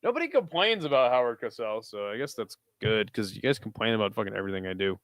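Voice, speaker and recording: Streamer guy at a watch party, blunt and swears a lot, lively pitch, dry close mic. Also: fast talker, dry recording. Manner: blunt, profane, reads chat aloud. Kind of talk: casual stream chat.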